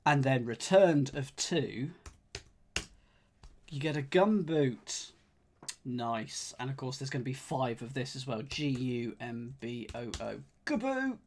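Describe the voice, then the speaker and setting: Male puzzle streamer, slight lisp, slow and musing, sighs and half-finished sentences. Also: medium pitch, sing-song, a little hiss or hum. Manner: muttering, sighing, trailing off while puzzling. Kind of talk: thinking aloud while solving a crossword.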